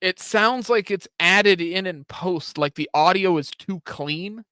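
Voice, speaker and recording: A man's voice: sits high, slow pace, pushed and bright, smooth, no room sound. A man hosting a reaction show, giving blunt, critical and profane casual commentary.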